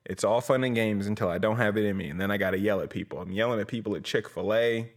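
A young man with a fairly low voice talks at a quick pace as he hosts a comedy podcast. The host and comedy promoter rambles through profane, jokey plugs for his shows in a casual comedic rant.

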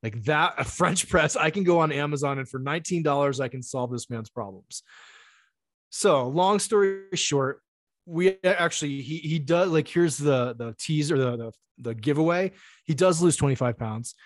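A middle-aged man, an interview guest, telling a personal story in a casual, animated way, swearing freely and acting out what others said. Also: on the high side, moderate pace, no room sound, clean studio sound. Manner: animated, profane, acts out quoted dialogue.

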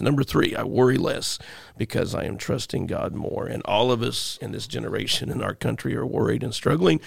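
A man's voice: mid-range voice, creaky, husky, no room sound, clean studio sound. A man, a pastor, talking earnestly in a rambling way on a church podcast. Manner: rambling, earnest, many fillers. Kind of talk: casual podcast chat.

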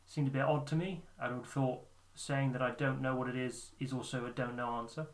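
A man's voice: medium pitch, flat delivery, fairly quick. A man co-hosting a podcast in casual political chat, explaining poll figures step by step. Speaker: podcast co-host.

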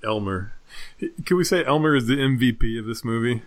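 A man in casual podcast chat about a movie, playful and quick to laugh. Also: medium pitch. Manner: playful, laughs often, lively delivery.

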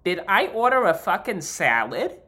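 A man's voice: high voice, sing-song, moderate pace, bright, forceful tone, voice pushed up, exaggerated voice. A man voicing a rude, entitled woman at a birthday dinner, snappy and indignant. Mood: snapping.

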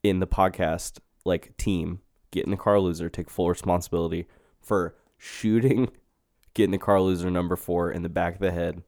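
A man's voice: low voice, steady tone, normal speed, a little mellow, no echo, clean studio sound. A young man co-hosting a podcast, chatting loosely, joking and swearing with his co-host. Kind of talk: casual podcast chat. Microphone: podcast mic.

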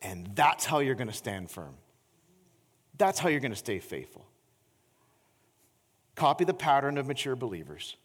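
In a church sanctuary with long reverb, a middle-aged pastor delivers a sermon, telling anecdotes with animated energy as his voice climbs high. He then slows down, softening into earnest appeals.

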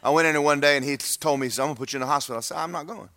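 A man's voice: on the high side, very fast, pushed and bright. A man, preaching a sermon to his church in a folksy, humorous, emphatic way. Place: church sanctuary.

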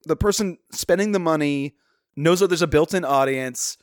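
A man with a somewhat high voice argues his view of a film with energy, dropping curse words for emphasis. He is recorded dry and close, with no room echo. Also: normal speed. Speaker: podcast co-host. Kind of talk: casual film discussion.

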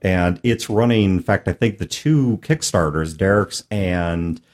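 A man hosting a gaming podcast, giving announcements and introducing the topic in a relaxed, friendly way. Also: low-pitched, measured pace. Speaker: podcast host. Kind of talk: casual podcast chat.

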